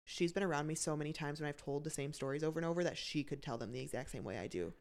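A woman's voice: sits low, racing, darkish tone. A young woman from Michigan with a Midwestern American accent, a chatty, playful storyteller guesting on a podcast. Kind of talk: casual chat.

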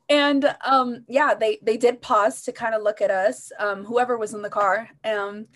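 Chatting casually as a podcast co-host, a woman speaks at a fairly high pitch and moderate pace. Her talk is hesitant and full of fillers.

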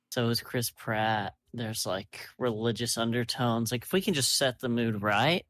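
A man's voice: medium pitch, a bit bright, slight background noise. A man co-hosting a podcast in casual chat, blunt and profane, riffing in long rambling runs. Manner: blunt, swears a lot, rambling riffs. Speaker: podcast co-host.

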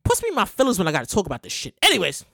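A woman's voice: mid-range voice, huge pitch swings, rapid-fire, vocal fry, fairly bright tone, no room sound, clean studio sound. A woman hosting a podcast, talking casually and animatedly, cursing freely and acting out scenes with big exaggerated outbursts. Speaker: podcast host. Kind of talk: casual commentary monologue.

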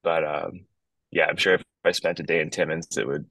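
A very low-voiced man from Northern Ontario in a relaxed, rambling podcast chat, often restarting his sentences. He talks from his backyard over a video call. The sound is dry and close. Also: brisk, gravelly, no room sound, poor audio. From Northern Ontario, Canada. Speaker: guest musician.

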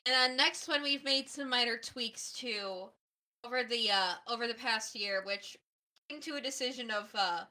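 Bright-voiced woman podcast co-host. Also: fairly high pitch, normal speed. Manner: playful, deadpan joking. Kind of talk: casual podcast chat.

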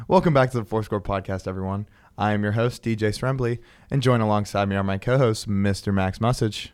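A man's voice: on the low side, normal speed, darkish tone, clear, resonant tone. A young man hosting a casual podcast chat, upbeat and joking, with lots of ums. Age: young adult. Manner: upbeat, joking, many fillers. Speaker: podcast host.

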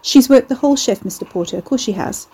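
A nervous shop worker who stutters as she rushes to agree, as a woman reading a storybook plays her. Her voice is mellow and husky. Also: a little high, expressive, voice pushed up, rough recording. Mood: flustered. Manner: stuttering, flustered.

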